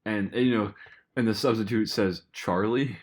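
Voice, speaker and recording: A young man with a fairly low voice chats casually on a podcast. He talks in a laid-back, hesitant way, trailing off and circling back while he tells a story. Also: normal speed, darkish tone. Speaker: podcast co-host. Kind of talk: casual chat.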